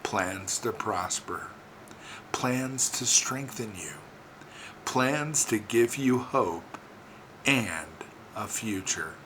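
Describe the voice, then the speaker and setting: A male preacher delivers an inspirational sermon at an unhurried pace, leaning on rhythmic repetition. His phrases swell into emphatic peaks and then settle back down. A faint ambient hum sits under the voice. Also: lowish voice, expressive, bright, forceful tone, poor audio.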